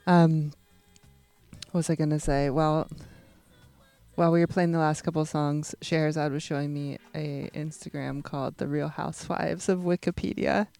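A woman's voice: deep voice, steady tone, normal speed, vocal fry, dark tone. A woman co-hosting a morning radio show, chatting loosely and upbeat with a guest in the studio. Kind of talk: casual morning radio chat. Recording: studio radio with music bed.

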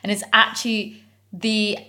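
A woman's voice: medium pitch, little pitch movement, a little slow, sharp tone. A woman co-hosting a podcast from London in casual chat, giggly and full of fillers. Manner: chatty, giggly, many fillers. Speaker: podcast co-host.

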